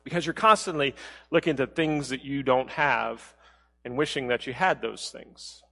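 A man preaching a sermon as a pastor, talking in a conversational way and dropping to a soft low voice when he quotes. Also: normal speed, creaky, big-room sound.

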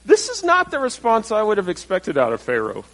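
Lively, conversational male preacher. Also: sits high, a little fast, low-quality recording. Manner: conversational, asks the audience questions, acts out quotes. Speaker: pastor. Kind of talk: sermon.

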